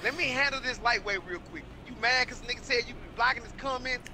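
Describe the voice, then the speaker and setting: A man with a very high voice, boasting and teasing rivals over a game voice chat. Clear background noise runs under his speech. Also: fast. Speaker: gamer on voice chat. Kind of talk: casual trash talk.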